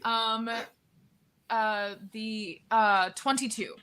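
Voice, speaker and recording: A woman's voice: fairly high pitch, very slow, fairly bright tone, clean tone. A woman playing a tabletop game, chatting in a playful, wry way. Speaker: player. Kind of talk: casual chat during a tabletop game.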